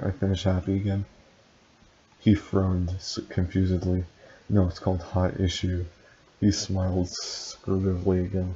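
A man reading fan fiction aloud in a deadpan way, with dry asides and stumbles over words. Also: low-pitched, normal speed. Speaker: reader and commentator. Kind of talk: comic read-aloud of fan fiction with commentary. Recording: dull lo-fi sound, faint hiss.

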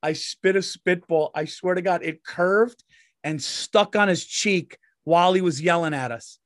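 Man, 40s, comedian co-host, profane rambling storyteller, slightly high pitch, dry close sound. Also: a little slow, a bit bright, no echo. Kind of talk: casual podcast chat.

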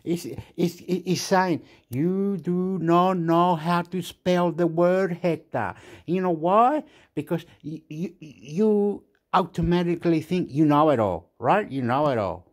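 A man rambles through a casual monologue. He swears freely and slips into now and then. His voice sits a little high for a man. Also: slow pace. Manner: swearing, rambling, mixes English and Spanish.

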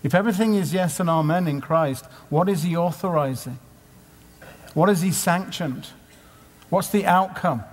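A male conference speaker preaches a sermon in a conversational style, asking lots of rhetorical questions. His voice is fairly high and his pace moderate, captured live in a conference hall with long reverb.

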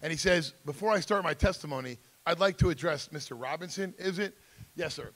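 A man's voice: a little high, fairly quick, fairly bright tone. A man speaking at a school assembly about vaping, telling stories, acting out other people's voices and speaking straight to the students. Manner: storytelling, acts out other voices, talks to the crowd directly. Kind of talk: animated assembly talk to students. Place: school auditorium or gym.

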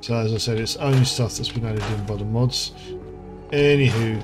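A man hosts his gameplay video in a loose, chatty way, drifting into asides and filling pauses with ums. His voice sits in an ordinary middle pitch, and background music runs clearly under his talk. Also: steady tone. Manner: chatty, rambling, with many fillers and asides. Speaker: gaming channel host. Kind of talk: casual gameplay commentary.

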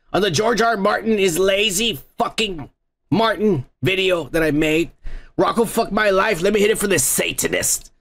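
Profane rambling man, lively gravelly pitch. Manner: profane, rambling, mocking, laughs often. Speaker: podcast host reading viewer comments. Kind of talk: crude casual commentary.

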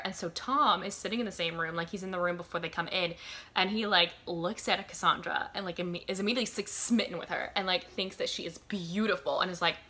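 A woman of twenty-two recommending books in a rambling casual chat, full of "like" and "um" and quick laughs. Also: on the low side, fairly even intonation, sharp tone. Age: 22, college student. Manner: rambling, lots of "like" and "um", frequent laughs. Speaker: book reviewer. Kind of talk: casual chatty book recommendations.

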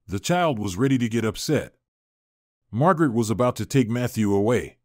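Steady male storyteller, dry close sound. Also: mid-range voice, moderate pace, no room sound. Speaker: narrator. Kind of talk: scripted story narration.

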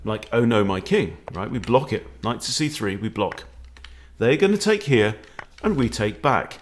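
A man coaching chess in a jokey, theatrical way. His voice sits at an ordinary pitch but swings up and down a lot as he plays up the moves. He keeps the tone of a friendly lesson. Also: moderate pace. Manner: playful, animated, jokey with exclamations.

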